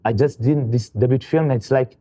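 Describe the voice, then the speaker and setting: A young man with a French accent, talking in a roundtable discussion in an earnest, halting way, often restarting his sentences. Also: medium pitch, warm tone. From France. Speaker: filmmaker and actor.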